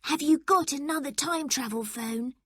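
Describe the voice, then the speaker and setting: A woman's voice: high voice, normal speed, a bit bright, no echo, clean studio sound, voice pushed up. A woman voicing an eager young boy in a raised, childlike voice for a storybook reading.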